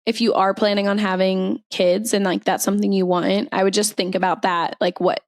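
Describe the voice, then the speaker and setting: A young adult woman co-hosting a casual podcast, talking in a relaxed, conversational way with lots of fillers. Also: medium pitch, fairly quick, no echo, studio quality. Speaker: podcast co-host. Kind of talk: casual chat.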